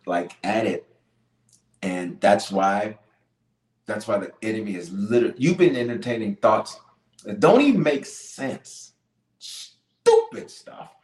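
A man leading a live-streamed prayer as a bishop, fervent and pleading, repeating his points for emphasis. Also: lowish voice. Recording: roomy echo.

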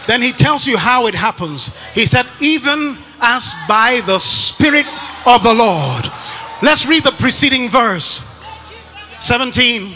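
A man preaching a sermon to a congregation, emphatic and often shouting, repeating his phrases for effect. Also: very high voice, expressive, unhurried, in a large hall, soft background music.

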